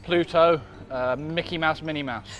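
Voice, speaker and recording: A man's voice: a little high, fairly even intonation, moderate pace, a bit bright, soft background music. A man, a tennis player, giving laid-back, short answers in a casual interview.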